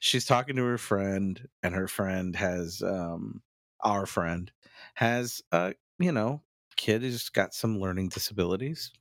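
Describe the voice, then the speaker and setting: A man's voice: low voice, slow, dry recording, clean studio sound. A man co-hosting a podcast, telling self-mocking stories in casual banter. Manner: self-mocking, animated storyteller. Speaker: podcast co-host.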